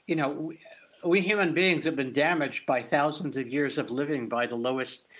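A man hosting an interview, speaking in a reflective, halting way. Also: on the high side, fairly bright tone. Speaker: host. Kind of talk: conversational interview.

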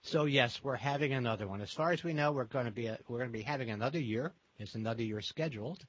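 A man's voice: medium pitch, fast talker, a bit bright, slightly rough. A man hosting an interview show, chatty and storytelling, with a few fillers. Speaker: host. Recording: dry muffled lo-fi sound.

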